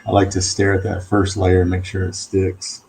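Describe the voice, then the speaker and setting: A man's voice: low voice, monotone, normal speed, creaky, darkish tone, slight background noise. A man co-hosting a livestream in casual chat, easygoing and teasing, reading out viewer comments. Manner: easygoing, teasing, laughs often.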